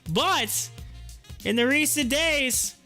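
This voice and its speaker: A man hosting a live stream and reading viewer chat aloud, animated, laughing often and repeating his phrases. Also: extremely high pitch, takes it slowly, faint music behind.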